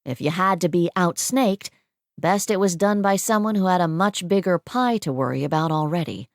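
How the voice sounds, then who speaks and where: Steady, low-voiced woman audiobook narrator. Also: dry recording, studio quality. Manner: steady, measured reading.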